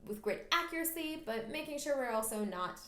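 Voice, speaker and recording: A woman's voice: high voice, expressive, brisk, bright, forceful tone, roomy sound. A woman teaching a flute lesson, patiently coaching the listener through practice steps. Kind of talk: instructional music lesson.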